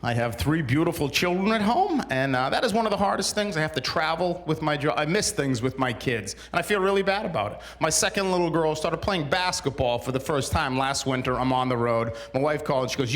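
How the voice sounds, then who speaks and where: A man in his forties works a small studio stage with a stand-up set. His voice sits a bit high and rings bright. He tells his stories in a dry, exasperated way and builds each one to a punchline. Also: expressive, brisk, hardly any pauses. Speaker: stand-up comedian. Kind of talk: stand-up comedy routine.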